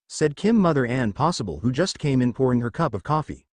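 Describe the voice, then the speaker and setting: A man reading a fan fiction story aloud and voicing its characters in his own voice, with a halting delivery. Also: mid-range voice, sing-song, no room sound. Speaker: narrator.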